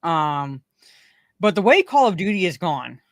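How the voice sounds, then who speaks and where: Rambling low-voiced woman podcast co-host. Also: very animated, a little slow, no room sound. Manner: rambling, swears, laughs often, repeats herself. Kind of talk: casual pop culture chat.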